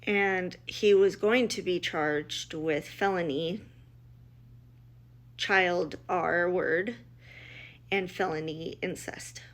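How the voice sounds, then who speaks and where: A woman's voice: fairly low pitch, steady tone, drawn-out words, long pauses. Blunt, emotional woman telling a story. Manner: emotional, blunt, quotes others in dialogue, many restarts. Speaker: mother telling her family's story. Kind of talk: personal storytelling.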